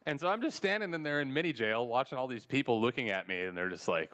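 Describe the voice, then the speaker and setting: An American man with a mid-range voice talks fast with few pauses, telling a travel story in a casual, profane podcast chat. He's animated, swears freely, and acts out the dialogue.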